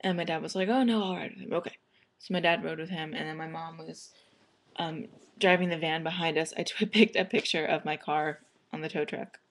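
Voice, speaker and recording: Low-voiced young woman rambling a story. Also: little pitch movement, normal speed, fairly bright tone. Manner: rambling, many fillers and restarts. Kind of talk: casual storytelling vlog.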